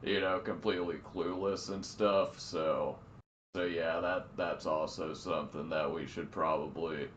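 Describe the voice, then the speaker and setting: A man's voice: low-pitched, measured pace, lo-fi sound, slight background noise. A man co-hosting a podcast, talking loosely and casually with many fillers. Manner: relaxed, loose, lots of fillers. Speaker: podcast cohost.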